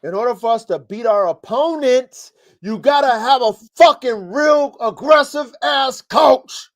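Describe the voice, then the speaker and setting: A man's voice: very high voice, a little slow. A man hosting a live podcast, coaching dog breeders in a blunt, profane, fired-up way. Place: home studio, live stream.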